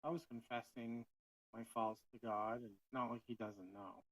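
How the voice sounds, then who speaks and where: Man, mid-pitched voice, reflective, podcast co-host, dry room, a bit distant from the mic. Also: steady tone, normal speed, no echo. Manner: earnest, reflective, many fillers like "like". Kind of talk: casual faith chat.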